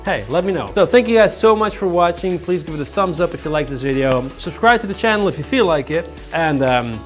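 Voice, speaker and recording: A man's voice: fairly high pitch, expressive, a little fast, soft background music. A young man giving a casual car vlog review, talking loosely with fillers and restarts. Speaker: car vlogger.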